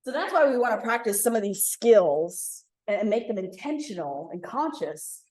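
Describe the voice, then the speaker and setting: A woman leading an interactive communication workshop for a live group, acting out example lines with lively emphasis. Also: mid-range voice, normal speed. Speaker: workshop facilitator. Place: room with live audience. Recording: echoey room.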